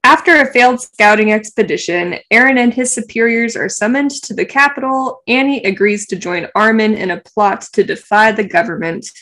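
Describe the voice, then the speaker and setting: A woman co-hosting a casual show podcast, chatty and quick to laugh. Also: on the high side, expressive, bright, forceful tone. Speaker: podcast co-host. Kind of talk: casual chat.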